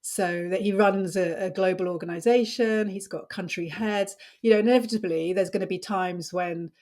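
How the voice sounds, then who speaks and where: A woman's voice: mid-range voice, moderate pace, dark tone. Woman host of an interview podcast. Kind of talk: interview chat.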